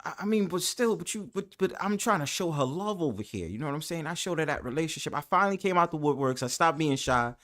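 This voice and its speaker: A man's voice: on the high side, expressive, fairly bright tone. Playful New York man bantering. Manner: playful, teasing, quick to laugh. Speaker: live stream host. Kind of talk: casual live-stream banter.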